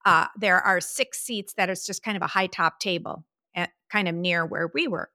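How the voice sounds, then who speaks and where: A woman's voice: fairly low pitch, moderate pace, no room sound, clean studio sound. A woman in her fifties co-hosting a podcast, chatting and telling stories, acting out what people said. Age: 50s. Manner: chatty storyteller, quotes herself in lively voices. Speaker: podcast co-host. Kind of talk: casual chat.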